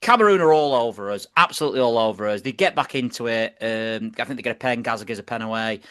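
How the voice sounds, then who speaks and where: A man's voice: medium pitch, fast talker, fairly bright tone, clear, resonant tone. A British man co-hosting a podcast, telling football stories in an enthusiastic, rambling way. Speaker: podcast co-host. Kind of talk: casual chat.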